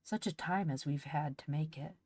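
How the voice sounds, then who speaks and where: A woman voicing Ben, a calm and practical older brother, in a storybook reading. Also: deep voice, moderate pace, breathy edge, no echo. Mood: plain.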